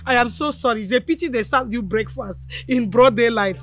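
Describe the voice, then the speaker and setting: A woman's voice: a little high, fairly quick, close to an everyday voice. An actress with a Nigerian accent playing an older mother who scolds and mocks her son, laughing between taunts. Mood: gloating. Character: mocking scolding Nigerian mother, loud and gloating.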